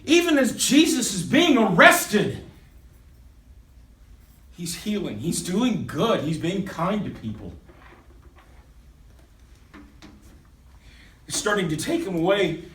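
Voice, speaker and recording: A man performing a first-person dramatic monologue, swinging between loud urgency and hushed intensity. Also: sits high, animated, a little slow, pauses often. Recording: echoey room, voice from a distance.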